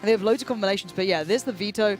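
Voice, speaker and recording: A man's voice: sits high, faint music behind. A young English man giving live esports commentary in a chatty, analytical way. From England. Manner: chatty, quick analytical patter. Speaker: esports caster.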